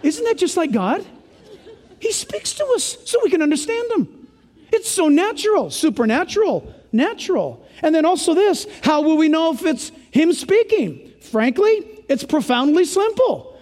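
Male preacher, high voice, emphatic sermon, long hall reverb. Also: big pitch swings, moderate pace. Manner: emphatic, exclamatory, swings from loud to hushed.

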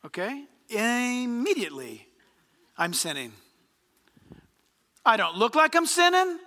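High, bright-voiced preaching man. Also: normal speed, in a large hall. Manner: lively, rhetorical questions, addresses the congregation. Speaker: pastor. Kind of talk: sermon. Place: church sanctuary.

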